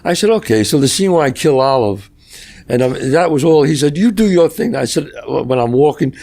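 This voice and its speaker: Gravelly storytelling man. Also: fairly high pitch, brisk. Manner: animated storyteller acting out dialogue, swears freely. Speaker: guest actor telling stories. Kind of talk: casual podcast storytelling.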